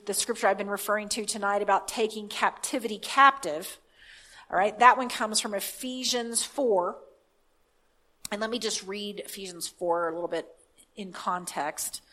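A woman preaching a sermon, reading scripture aloud and then explaining it in a halting, conversational way. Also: medium pitch, fairly bright tone. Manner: halting, with many restarts and fillers; reads scripture aloud with emphasis.

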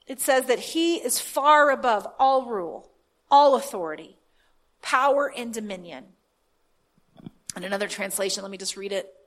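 With a mid-range, somewhat bright voice, she first reads scripture aloud as a pastor, then preaches, her sermon growing more fervent until it peaks in impassioned declarations.

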